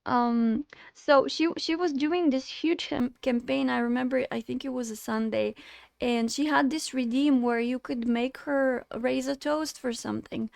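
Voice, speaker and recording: A woman live-streaming from home, talking straight to her chat in an animated, indignant way. Her voice sits high, with a gravelly fry running through it. The sound is close and dry, with no room around it. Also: normal speed, no room sound. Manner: animated, indignant, talks to chat, laughs often.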